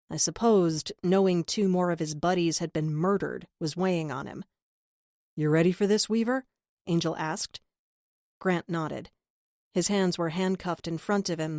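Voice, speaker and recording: Lowish woman narrating an audiobook. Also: darkish tone, dry recording, clean studio sound. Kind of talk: first-person scripted narration.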